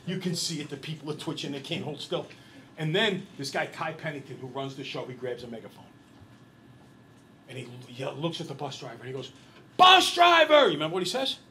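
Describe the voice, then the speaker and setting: Fast-talking and mid-range in pitch, a math teacher tells his class a long story, stopping to quiz students as he goes. His manner is lively and chatty, and the recording is low quality with a little hiss or hum.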